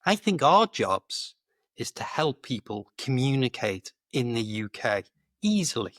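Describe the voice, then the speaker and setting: Lively, chatty British English coach. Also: male voice, mid-range voice, a little slow, no echo, clean studio sound. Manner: chatty and lively, laughs easily, often says "do you know". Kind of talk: casual conversation about British expressions.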